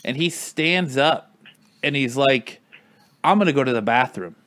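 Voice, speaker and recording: A man's voice: mid-range voice, measured pace, fairly bright tone, dry recording. A man in casual chat with friends, telling a long story in a rambling way, full of "like" and acted-out quotes.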